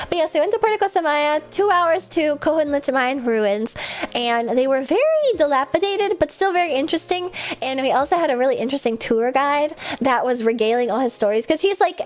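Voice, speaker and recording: A young woman livestreamer chatting casually, bubbly and rambling, laughing often and swearing offhand. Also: high-pitched. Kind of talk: casual stream chat.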